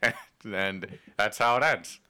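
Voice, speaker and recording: A man retelling an episode in casual, profane chat, acting out the characters in quick voices. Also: fairly low pitch, bright, forceful tone, clear, resonant tone. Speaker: podcast co-host recapping an episode.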